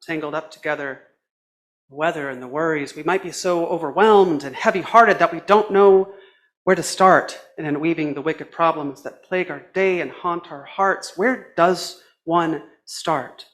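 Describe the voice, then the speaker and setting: A man preaching a sermon as a minister, with a measured, reflective delivery in short phrases. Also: a little high, a bit bright.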